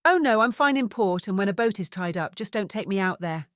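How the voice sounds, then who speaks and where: A woman voicing a wry, breezy female investigator, pitched a little higher than her narration. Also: animated, fairly quick, no echo, studio quality, natural voice.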